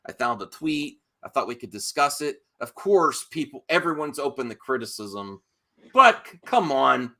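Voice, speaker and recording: A man's voice: medium pitch, sharp tone. A man hosting a live stream, chatting casually and earnestly, often stopping and restarting his sentences.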